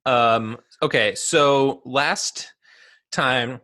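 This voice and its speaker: A man's voice: medium pitch, drawn-out words, sharp tone. Jokey New Jersey man hosting. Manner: jokey, laughs a lot, drops into goofy voices. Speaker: podcast host. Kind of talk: casual podcast chat.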